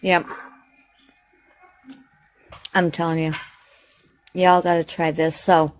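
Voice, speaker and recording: A slightly mellow woman with a voice on the low side rambles chattily while cooking at home for her vlog. She keeps stopping to correct herself and fills gaps with plenty of fillers.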